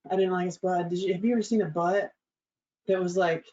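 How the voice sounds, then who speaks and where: A woman's voice: fairly low pitch, steady tone, brisk, warm tone. A woman hosting her show, telling a candid personal story in a bubbly, crude, laughing way. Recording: slightly dull lo-fi recording.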